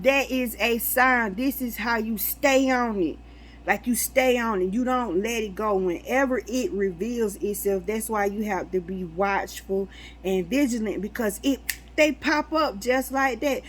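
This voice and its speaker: A woman's voice: a little high, a little slow, poor audio. A woman talking casually to viewers about spiritual signs, telling stories animatedly and acting out conversations. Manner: animated storytelling, acts out dialogue, laughs often. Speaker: spiritual vlogger.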